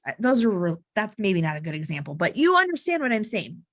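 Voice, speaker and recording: A woman's voice: on the high side, fairly bright tone, no room sound, clean studio sound. A woman giving casual marketing advice to camera, chatty and blunt, with frequent asides. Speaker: marketing coach. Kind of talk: casual talking-head vlog advice.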